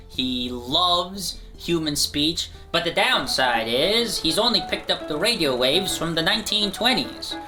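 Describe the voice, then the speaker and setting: A man giving a casual, joking pitch for an animated show in an energetic, conversational way.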